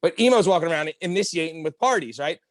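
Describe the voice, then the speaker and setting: A man rattles off raucous party stories, cursing freely and acting out what people said. His voice sits a little high and moves fast. The recording is dry and close. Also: no room sound. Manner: fast, profane, animated storytelling with acted-out quotes. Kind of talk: casual storytelling chat.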